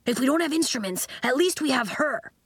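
A woman telling a story gives voice to a well-meaning schoolboy who keeps offering fixes. He sounds eager and reassuring, his voice raised a little and lively. It is recorded close and dry. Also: on the high side, moderate pace, slightly rough, dry recording, pitched above the performer's own voice, heavily acted. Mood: desperate. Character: earnest helpful schoolboy, eager to fix things.

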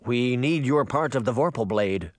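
A man's voice: medium pitch, expressive, moderate pace, dry recording, studio quality, natural voice. A man voicing a nervous adult uncle who stammers anxiously.

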